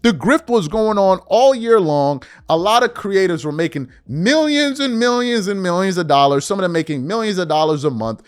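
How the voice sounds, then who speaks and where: A man's voice: high voice, expressive, normal speed, few pauses, clean tone, no echo, studio quality. A man hosting a podcast, giving heated political commentary and reading news articles aloud with incredulous questions. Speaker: podcast host.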